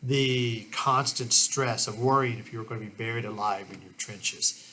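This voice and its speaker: A man's voice: mid-range voice, moderate pace, pushed and bright, slightly rough. A man giving a casual, rambling history lesson, often restarting his sentences as he talks. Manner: conversational, with many restarts and "kind of" asides. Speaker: history teacher. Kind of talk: casual classroom lecture.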